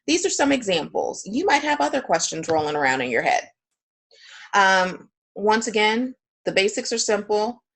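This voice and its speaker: A woman's voice: medium pitch, sing-song, moderate pace, creaky, fairly bright tone. A woman instructor teaching a parenting class online in a chatty, joking, self-deprecating way, at times reading a story aloud.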